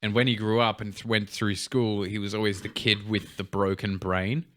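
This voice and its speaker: A young man co-hosting a casual podcast, explaining things in loose, relaxed run-on sentences. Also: fairly low pitch, moderate pace. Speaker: podcast co-host. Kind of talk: casual chat.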